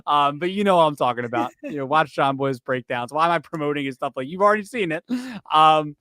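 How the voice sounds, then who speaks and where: A man's voice: fairly high pitch, expressive, quick pace, sharp tone, smooth, no echo. A man co-hosting a casual sports chat, rambling and interrupting himself with joking asides. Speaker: podcast co-host.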